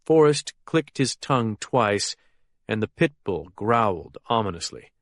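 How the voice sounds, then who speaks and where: A man narrating a thriller audiobook in a steady, even storytelling manner. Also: lowish voice, measured pace, no echo, studio quality. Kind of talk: scripted narration.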